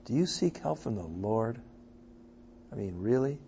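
A man leading an evening Bible study, reading scripture aloud with quiet asides and loud, emphatic passages, often checking in with his listeners. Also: fairly low pitch, animated, unhurried, creaky, dull audio, slight background noise. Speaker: Bible teacher.

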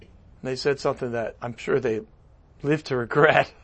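A male pastor preaching a sermon with animated, conversational asides. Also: medium pitch, normal speed, creaky.

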